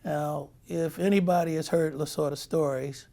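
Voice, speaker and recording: A man in his sixties, a former pitcher, telling a lively anecdote as a guest. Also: normal speed, creaky. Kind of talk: storytelling anecdote.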